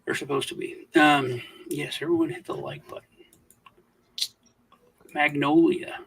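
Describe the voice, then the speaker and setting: A man's voice: on the high side, fairly even intonation, a little slow, vocal fry, distant mic, a little hiss or hum, low-quality recording. A man co-hosting a casual livestream chat, rambling through stories with many restarts and fillers. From United States. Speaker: livestream co-host.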